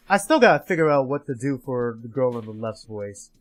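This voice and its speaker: A male streamer commenting on a visual novel live, with casual talk and frequent swearing. His pitch bounces around animatedly as he reacts. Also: expressive, fairly quick, few pauses, soft background music, rough recording.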